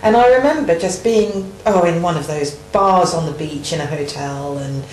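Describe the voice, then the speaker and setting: A woman's voice: on the low side, normal speed, a little mellow, reverberant, a little hiss or hum, rough recording. A woman interviewer, earnestly and reflectively recounting her own experiences in casual chat.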